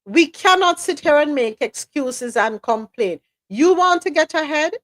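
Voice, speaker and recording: A Jamaican woman hosting a live talk show, her voice pitched a little high. She speaks emphatically and with strong opinions, dropping into patois at times. Her voice sits close and dry, with no room echo. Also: lively intonation, measured pace, a bit bright. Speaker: podcast host. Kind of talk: live news-talk podcast commentary.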